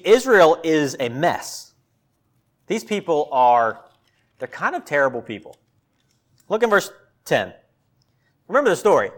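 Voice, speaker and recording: A man preaching a sermon in a conversational way, acting out quotes with a sarcastic tone. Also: on the high side. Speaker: pastor.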